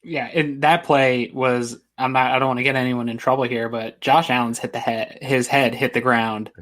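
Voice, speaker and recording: A man's voice: medium pitch, fairly even intonation, normal speed, fairly bright tone. A man co-hosting a post-game sports talk show, chatting casually with a fan's enthusiasm. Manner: casual, chatty fan commentary. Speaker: podcast co-host.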